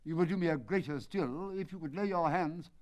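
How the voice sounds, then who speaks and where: A man's voice: on the high side, a little fast, lightly acted. A man reading a storybook aloud and voicing an indignant, agitated colonel who owns racehorses. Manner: agitated, raised indignant outbursts. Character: excitable indignant male horse-owning colonel. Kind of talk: dramatic audiobook reading.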